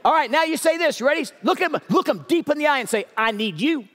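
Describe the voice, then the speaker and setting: A man preaching a sermon as pastor, animated and urging his congregation to respond. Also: quick pace. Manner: animated, urging the crowd with rising pitch. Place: large church auditorium. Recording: long hall reverb.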